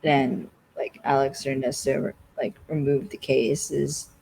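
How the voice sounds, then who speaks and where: A podcast co-host casually recapping a TV episode, rambling and filling every pause with "like.". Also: medium pitch, little pitch movement, creaky, darkish tone, slightly rough, poor audio. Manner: rambling, constantly says "like".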